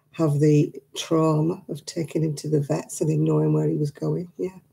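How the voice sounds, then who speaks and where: A woman's voice: low voice, gravelly, warm tone, low-quality recording. A woman hosting a craft livestream, chatting casually and answering viewer comments, emotional as she talks about her late dog. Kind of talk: casual chat with live viewers.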